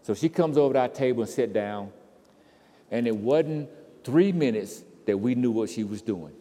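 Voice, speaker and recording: A man preaching a sermon, swinging from quiet storytelling to loud, impassioned crescendos. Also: mid-range voice, animated, normal speed. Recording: reverberant hall.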